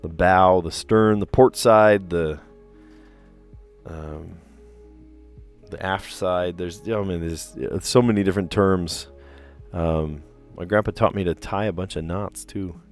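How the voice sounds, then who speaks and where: A man in his thirties, a teacher, chatting casually on his puzzle livestream, relaxed and chatty with lots of fillers and easy laughs. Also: sits low, measured pace, faint music behind.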